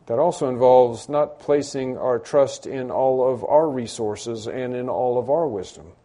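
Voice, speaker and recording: A man's voice: medium pitch, a little slow, few pauses, warm tone. A man preaching a sermon, who acts out the cries and pleas of the people he quotes with rising intensity. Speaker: pastor.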